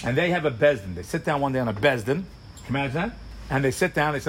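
Fast-talking animated Torah teacher, man. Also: on the high side, slight background noise. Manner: fast, animated storytelling with rhetorical questions and acted asides. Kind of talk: sermon-style Torah class.

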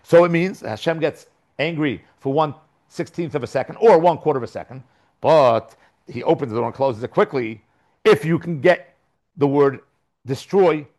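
Male Talmud teacher, slightly high voice, lively lecture that answers its own questions. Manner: lively explaining, asks and answers own questions, reads aloud.

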